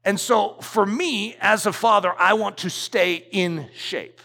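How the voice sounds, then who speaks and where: A man's voice: sits high, takes it slowly, vocal fry, pushed and bright. A middle-aged man preaching a sermon as pastor, emphatic and repetitive as he drives his points home in a church. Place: church sanctuary. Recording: church hall reverb.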